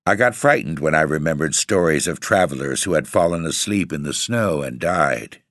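Brief: male audiobook narrator, very low voice, dry close sound, measured delivery. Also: animated, fairly bright tone, dry recording. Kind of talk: first-person story narration.

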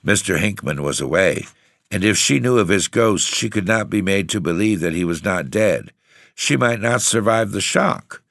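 A man narrates a story with a very low, deep voice. His delivery is measured and formal, and the sound is dry and close. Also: animated, fairly bright tone, dry recording. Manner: measured, formal, old-fashioned phrasing. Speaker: audiobook narrator. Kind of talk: scripted narration.

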